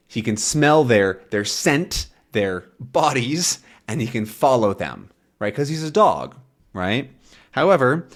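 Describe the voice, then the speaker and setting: A medium-pitched man with a sing-song delivery and measured pace teaches English using a comic. As a channel host, he gives a slow, patient lesson, rephrasing words in simple terms.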